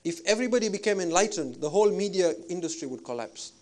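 Male preacher, slightly high voice, measured and reflective delivery with fillers. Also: animated, a little mellow. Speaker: Islamic preacher. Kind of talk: spiritual lecture.

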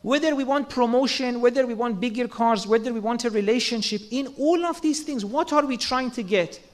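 A man's voice: very high voice, brisk. A man giving an earnest sermon, asking rhetorical questions and acting out quoted lines. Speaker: religious speaker.

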